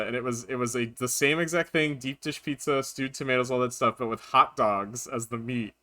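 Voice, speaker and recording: A man streaming a video game live, chatting casually and rambling through animated anecdotes. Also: medium pitch, brisk, hardly any pauses.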